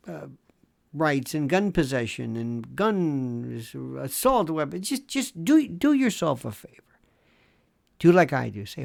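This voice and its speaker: A man's voice: on the high side, big pitch swings, takes it slowly, creaky. A man in his sixties from Florida, a legal commentator giving a sarcastic solo monologue and sometimes dropping into mock whispers. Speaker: legal commentator and talk host.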